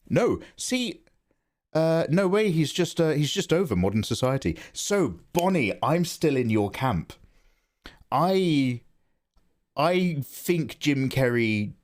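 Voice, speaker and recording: A man chatting casually on a live art stream, rambling, joking and reading out his chat from home. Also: mid-range voice. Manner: chatty, rambling, quick to joke, reads chat aloud. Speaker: live-streaming digital artist.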